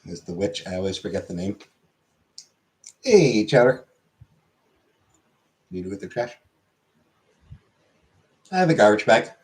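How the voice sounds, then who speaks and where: A man chatting casually with his chat as a streamer, rambling, correcting himself and trailing off into quiet asides. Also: lowish voice, very animated, unhurried, pauses often.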